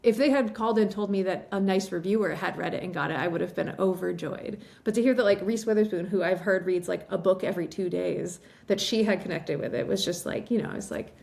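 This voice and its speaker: A woman from western Massachusetts, a novelist guest telling a story in a chatty interview, full of fillers and quick laughs, a little teary. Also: on the low side, creaky, a little mellow. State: emotional, teary.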